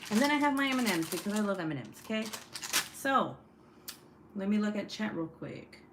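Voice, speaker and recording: A woman's voice: mid-range voice, expressive, a little fast, background noise. Chatty swearing woman livestreaming from home. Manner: chatty, swears freely, reads chat aloud. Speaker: true crime livestream host. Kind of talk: casual livestream chat. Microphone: desk setup, phone or webcam.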